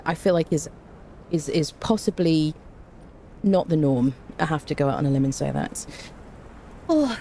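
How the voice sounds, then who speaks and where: Her voice sits low with a dark tone as she chats casually on her gaming stream, slight background noise behind her. She calls out viewers by name and keeps up a dry, self-deprecating humor.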